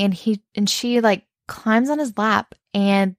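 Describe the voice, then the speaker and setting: Casual podcast woman, gushing and excitable, close dry mic, mid-pitched. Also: moderate pace, dry recording. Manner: excited, gushing, swears freely. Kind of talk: casual chat recapping a novel.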